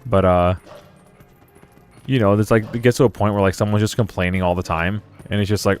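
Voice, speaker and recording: A man's voice: lowish voice, steady tone, fairly quick, clear, resonant tone, soft background music. A young man chatting loosely while playing a video game, rambling through stories and laughing often. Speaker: gaming streamer. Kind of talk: casual let's play commentary.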